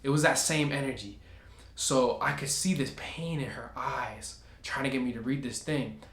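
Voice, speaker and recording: A man telling a personal story in a casual vlog, animated and acting out what others said. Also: mid-range voice, normal speed, reverberant, a little hiss or hum. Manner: animated, acts out other people's lines.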